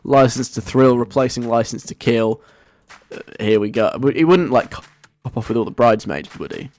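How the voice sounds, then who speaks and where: A man's voice: mid-range voice, normal speed, darkish tone, no echo. A man hosting a radio show in a playful, rambling way, chuckling as he goes. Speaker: radio host. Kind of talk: casual radio chat.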